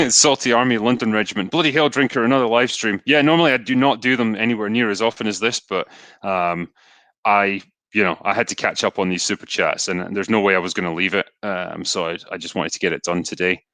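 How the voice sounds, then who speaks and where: A man's voice: fairly low pitch, a little fast, no echo. A Scottish man hosting a live stream, casually reading and answering viewer donations with lots of ums and asides. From Scotland. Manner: relaxed, chatty, frequent ums and asides. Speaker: livestream host reading donations.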